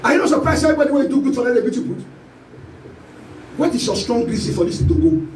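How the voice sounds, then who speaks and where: High-voiced Nigerian preacher, echoey hall. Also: male voice, lively intonation, fast, distant mic, a little hiss or hum. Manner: preaching with sweeping pitch and shouted calls. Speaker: pastor. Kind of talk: sermon. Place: church hall. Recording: echoey church hall, voice from off-mic.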